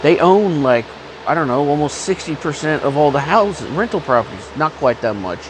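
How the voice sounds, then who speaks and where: A man's voice: on the high side, lively intonation, moderate pace, music in the background, rough recording. A man with a cough talking in a rambling, blunt, profane casual monologue, often stopping to cough. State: has a cough. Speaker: vlogger.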